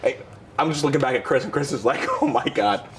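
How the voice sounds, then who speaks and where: A man's voice: medium pitch, fast talker, background noise. A man telling a wild anecdote in a casual chat, laughing through it. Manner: animated, laughing through the story. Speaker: storyteller on a podcast.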